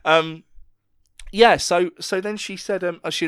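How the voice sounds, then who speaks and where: Swearing podcast co-host, dry sound. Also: male voice, fairly high pitch, unhurried, a bit bright, clear, resonant tone, no room sound. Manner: swears freely, acts out quotes. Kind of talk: casual chat, storytelling.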